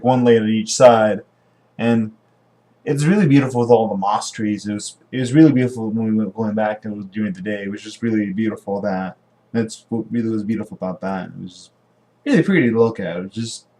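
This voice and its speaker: A man's voice: fairly low pitch, dark tone. A young man talking casually to camera in a rambling, meandering way, often restarting his sentences. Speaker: vlogger. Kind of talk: casual vlog monologue.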